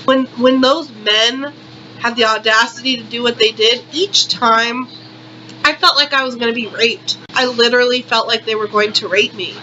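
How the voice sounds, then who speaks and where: A woman's voice: a little high, steady tone, normal speed, pushed and bright, lo-fi sound, a little hiss or hum. A young woman vlogger performing a satirical monologue in exaggerated, repetitive, melodramatic outrage.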